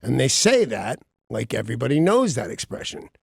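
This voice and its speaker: A man's voice: medium pitch, sing-song, fairly quick, gravelly, darkish tone, breathy edge, no room sound. A man hosting a radio morning show, chatting casually in a rambling, self-mocking way full of restarts, on a studio microphone. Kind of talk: casual on-air banter.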